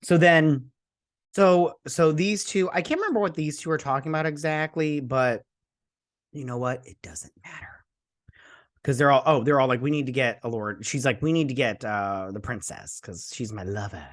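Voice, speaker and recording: A man's voice: a little high, normal speed. A man hosting a casual show review, rambling through the plot and acting out characters in jokey put-on voices. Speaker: host. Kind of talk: casual episode recap and review.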